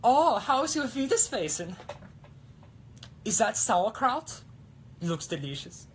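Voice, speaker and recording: A man putting on a squeaky little German girl. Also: sing-song, takes it slowly, a little hiss or hum, full character voice. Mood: chirpy. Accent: mock German. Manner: high, bouncy, childlike and sing-song. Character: giggly young German girl in pigtails.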